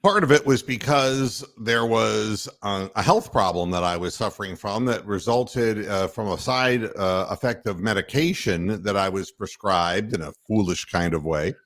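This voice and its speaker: A man hosting a casual sports talk podcast, telling stories in an animated way with bursts of mock outrage and frequent laughter. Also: lowish voice, normal speed, hardly any pauses. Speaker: podcast host.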